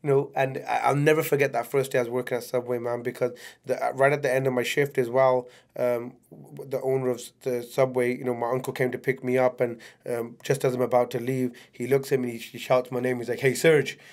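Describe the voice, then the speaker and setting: Fast-talking man telling his story. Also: medium pitch, little pitch movement, a little mellow. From England. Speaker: podcast guest. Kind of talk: casual storytelling.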